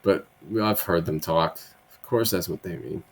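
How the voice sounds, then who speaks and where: A man's voice: low-pitched, normal speed. A man hosting political commentary, reading bill text aloud and then riffing on it in a blunt, profane, sarcastic way, often tagging his points with "right?". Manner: frequent tag questions, conversational asides.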